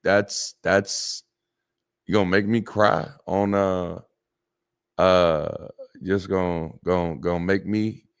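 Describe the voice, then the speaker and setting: A man's voice: low voice, steady tone, takes it slowly, clean tone. A man, a former pastor, hosting a casual livestream in a loose, chatty way, with slang and many restarts as he reads the chat. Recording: solo livestream at home.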